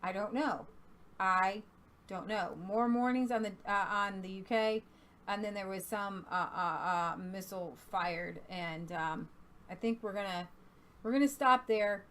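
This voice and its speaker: A woman's voice: mid-range voice, unhurried, a bit bright. A woman co-hosting a casual talk show who reads online posts aloud in a hesitant way, with many fillers. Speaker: co-host.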